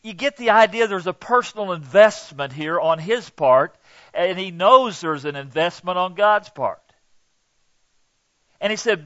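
A man's voice: sits high, expressive, a little slow, bright, forceful tone, no room sound, dull audio. A male pastor preaching a sermon in an earnest, emphatic way, acting out quoted lines.

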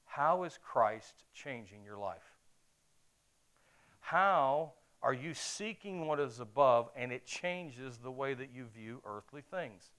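Animated man preaching a sermon. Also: medium pitch, slow. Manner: animated, conversational, asks the audience questions.

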